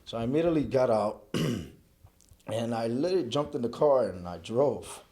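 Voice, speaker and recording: A man's voice: mid-range voice, lively intonation, moderate pace, dark tone. A middle-aged man, a charity event chairman speaking earnestly in an interview and running through long lists.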